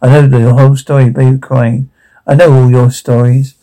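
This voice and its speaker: A man's voice: mid-range voice, little pitch movement, normal speed, warm tone, natural voice, rough recording. A man voicing a mocking, sarcastic male villain who taunts his victims. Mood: smug. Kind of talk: solo fan reenactment of a show scene.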